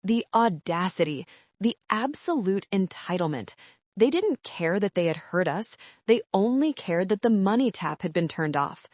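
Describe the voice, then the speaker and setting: A woman tells a first-person story in a calm, measured voice with an edge of cold resolve. Her pitch sits in the middle, and the recording is dry and close. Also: no room sound. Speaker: narrator.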